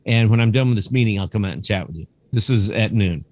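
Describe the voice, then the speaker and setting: A man in middle age tells his stories in a casual, animated way, slipping into the voices of the people in them. His voice sits on the low side. The sound is dry and close, with no room echo. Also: quick pace. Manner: lively anecdotes, acting out quoted dialogue, casual swearing. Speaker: guest, camera museum curator. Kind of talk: conversational storytelling.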